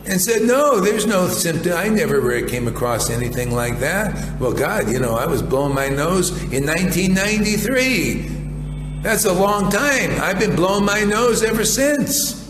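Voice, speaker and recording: A man's voice: sits high, animated, moderate pace. Blunt rambling man preaching in an echoey hall. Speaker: spiritual teacher. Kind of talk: informal devotional sermon. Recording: echoey hall with faint noise.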